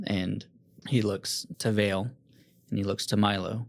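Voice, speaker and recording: A man's voice: on the low side, flat delivery, a little slow, creaky. A man running a tabletop game as game master, narrating casually with fillers.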